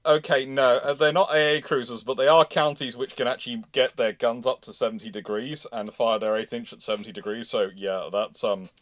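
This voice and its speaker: A man's voice: mid-range voice, steady tone, fairly quick, hardly any pauses, fairly bright tone, no echo, studio quality. A man hosting a live naval history Q&A stream, telling rambling anecdotes and acting out the quotes, on a video call mic. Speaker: host.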